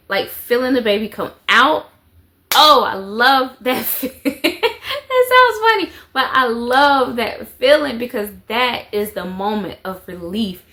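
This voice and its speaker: A woman's voice: medium pitch, sharp tone. A woman, telling a story to the camera in a chatty way and repeating phrases for emphasis. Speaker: vlogger, mother of four.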